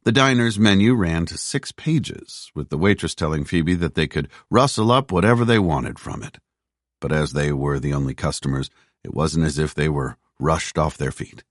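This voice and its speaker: A man narrating a thriller audiobook with a very deep, lively voice. His reading is measured and steady. The sound is dry and close to the mic. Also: no echo. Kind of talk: scripted narration.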